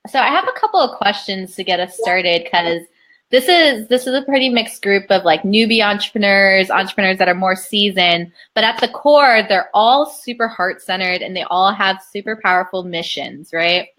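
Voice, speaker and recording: Woman, interview host, lively pitch, giggly, encouraging, casual chat. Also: normal speed. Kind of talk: casual live-stream interview.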